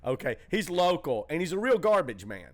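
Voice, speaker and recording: A man's voice: on the high side, very animated, fairly quick. A man hosting a backstage podcast at his comedy club, chatting casually and stumbling over his words as he retells stories. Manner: eager, stammers uh uh, retells bits with shouting voices.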